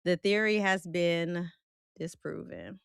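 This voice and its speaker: A woman's voice: fairly low pitch, slow pace, gravelly, smooth, no echo, studio quality. A woman hosting a casual live stream, reading viewer comments aloud and reacting bluntly with jokes and laughter. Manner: animated, blunt and joking, with frequent laughter; loose, colloquial Southern-tinged phrasing. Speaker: host of a film and celebrity live stream.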